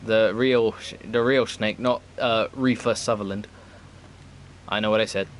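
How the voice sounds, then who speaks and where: A man's voice: lowish voice, steady tone, normal speed, a little hiss or hum. A man streaming a video game, chatting casually with friends and swearing freely as he rambles. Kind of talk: casual chat over gameplay.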